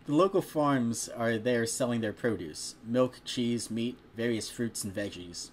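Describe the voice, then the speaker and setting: A man's voice: mid-range voice, a little slow, slight background noise. Chatty man reading a story aloud. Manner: chatty, breaks off to joke about the text. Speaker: fanfiction reader. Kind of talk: casual read-aloud of a story.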